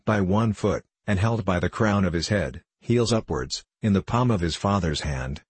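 A man reading a classic novel aloud in measured, even narration. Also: low voice, slightly rough, no echo. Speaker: audiobook narrator. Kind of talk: scripted narration.

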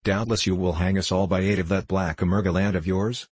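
A man's voice: low-pitched, steady tone, fairly quick, darkish tone, breathy edge, no room sound. A man voicing a brigand chief who speaks in a scornful, mocking way. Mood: sneering. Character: sneering male brigand chief.

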